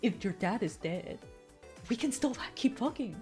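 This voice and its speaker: A woman voicing a sly, scheming female teacher in a low, hushed, coaxing tone while retelling a story. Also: lively intonation, unhurried, faint music behind.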